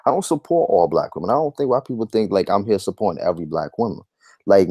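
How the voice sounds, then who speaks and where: Man, vlog rant, heated, emphatic, repetitive, lowish voice, dry sound. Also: warm tone, no echo. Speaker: YouTube commentator.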